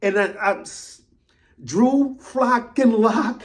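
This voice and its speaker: A man giving casual solo commentary as a fan vlogger, rambling and animated, repeating himself and swinging between loud and soft. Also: extremely high pitch, takes it slowly.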